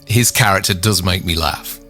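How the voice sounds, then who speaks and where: A man's voice: sits low, moderate pace, sharp tone, soft background music. A man co-hosting a casual film podcast, thoughtful and hesitant, with frequent ums. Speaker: podcast co-host.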